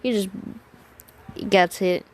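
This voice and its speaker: A woman's voice: mid-range voice, slow. A woman improvising a fan story aloud, rambling and casual, with many restarts, name slip-ups and swearing.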